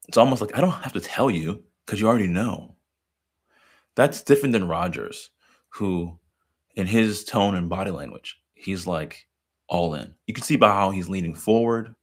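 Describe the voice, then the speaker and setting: A man's voice: low-pitched, slightly rough. A man, a therapist, giving emphatic commentary on a therapy film clip. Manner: emphatic, explanatory. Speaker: therapist and educator.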